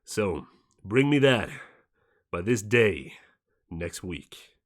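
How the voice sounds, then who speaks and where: Brief: menacing warlord with a fake American accent, lowish voice, declamatory ultimatum, as a game master puts him on. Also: male voice, big pitch swings, drawn-out words, full character voice. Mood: threatening. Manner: repetitive, threatening, declamatory. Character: menacing male empire leader issuing ultimatum. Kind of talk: tabletop role-play voicing.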